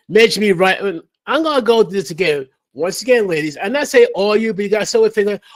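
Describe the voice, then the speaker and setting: A man's voice: high-pitched, expressive, fast, hardly any pauses. A man hosting a livestream, ranting emphatically with a lecturing, repetitive delivery. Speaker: livestream host. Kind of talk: opinion rant on a livestream.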